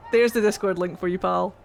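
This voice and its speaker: A woman streaming a game playthrough, chatting excitedly and gushing about characters. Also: medium pitch, a little slow, vocal fry, slight background noise.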